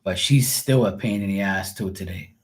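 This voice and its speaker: Speaking at a moderate pace in a low voice, a middle-aged man rambles through anecdotes on his live stream. It's casual chatter, and he performs the quotes of each person in his tales.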